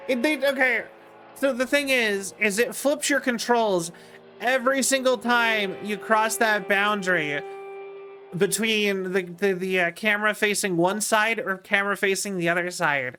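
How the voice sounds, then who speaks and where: A man's voice: high-pitched, a little slow, sharp tone, soft background music. A man casually commenting on a video game as he plays, chatty and rambling with lots of fillers. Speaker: streamer.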